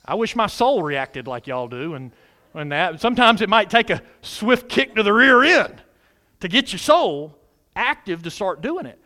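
A man preaches a sermon as pastor, with an animated call-and-response delivery. His voice is high for a man and leaps up and down in pitch.

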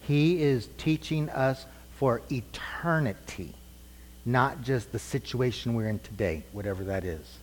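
Teaching a class at church, this middle-aged preacher keeps things conversational, questioning the group and restating what they say. His medium-pitched voice is unhurried, the long hall reverb noticeable along with slight background noise.

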